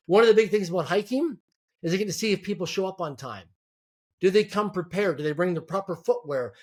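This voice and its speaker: A man speaking as a podcast guest, giving emphatic motivational advice, often repeating words and stacking points in quick lists. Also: high voice, a little mellow. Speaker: guest entrepreneur.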